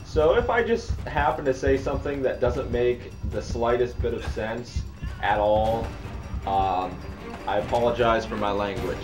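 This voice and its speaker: A man with a Northeastern Ohio accent giving casual, rambling let's-play commentary, chatty and quick to laugh. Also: medium pitch. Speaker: gameplay commentator. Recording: roomy echo with game music and gunfire.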